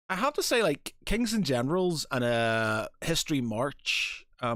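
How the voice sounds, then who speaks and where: A man co-hosts a podcast in casual conversation, rambling with plenty of fillers and restarts. His voice is medium-pitched with a fairly bright tone, recorded dry at studio quality.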